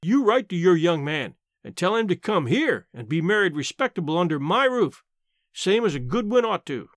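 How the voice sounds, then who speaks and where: A man voicing a blunt, sharp-tongued old countrywoman aunt in a story reading, dry and matter-of-fact, with plain country talk. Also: high-pitched, big pitch swings, normal speed, no echo.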